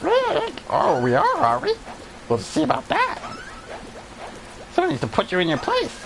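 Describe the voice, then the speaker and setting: A squeaky, taunting rat thug from a video game. The voice leaps all over the place with a gritty rasp underneath and drawn-out squeaks. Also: male voice, wildly swooping pitch, background noise, heavily acted. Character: cheeky squeaky male rat gang leader.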